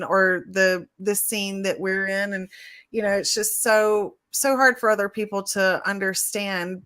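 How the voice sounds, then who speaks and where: A woman's voice: mid-range voice, a bit bright. A woman co-hosting a live podcast, speaking earnestly in long, gushing run-on sentences. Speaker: podcast co-host. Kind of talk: casual live podcast chat.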